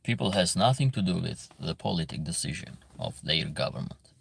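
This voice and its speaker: Gravelly man lecturing his chat. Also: sits low, lively intonation, fairly quick. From Albania. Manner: earnest, lecturing, broken English. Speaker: livestream host reading chat. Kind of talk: casual livestream chat.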